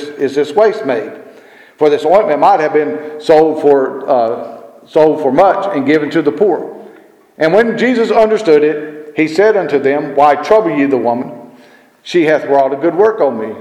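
A man's voice: on the high side, a little mellow, reverberant, in a large hall. A man preaching a sermon, emphatic, firing rhetorical questions and repeating his phrases.

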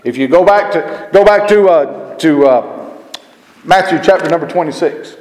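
A man's voice: fairly high pitch, normal speed, a little mellow. Echoey preacher man, emphatic and repeating. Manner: emphatic, repeats himself, asks rhetorical questions. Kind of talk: sermon.

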